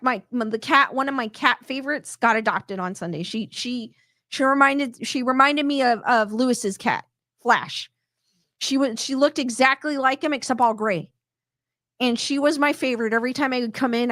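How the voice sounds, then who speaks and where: A middle-aged woman hosts a casual live stream, rambling in a chatty way with lots of restarts. Her voice sits a little on the high side. The sound is close and dry, with almost no room echo. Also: fairly bright tone. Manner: reads viewer comments aloud. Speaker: host reading chat comments.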